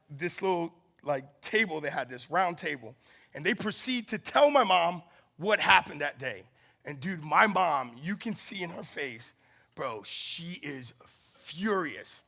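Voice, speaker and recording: Animated high-voiced man preaching a story. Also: creaky. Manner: animated, laughing storyteller acting out quotes. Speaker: campus ministry speaker. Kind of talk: storytelling sermon.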